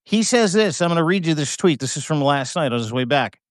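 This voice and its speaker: A man hosting a political chat in a slightly high voice. He swears and mocks as he goes, and the sound is dry and close. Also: animated, brisk, no room sound. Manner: profane, mocking, reads posts aloud. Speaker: show host.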